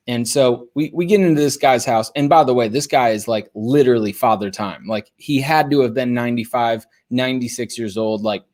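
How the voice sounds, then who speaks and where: A young man hosts a podcast and tells a story in a loose, casual way. He talks in an animated manner and fills his speech with "like" and "you know". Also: medium pitch, a little fast, few pauses. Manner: casual, animated, lots of fillers. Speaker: podcast host.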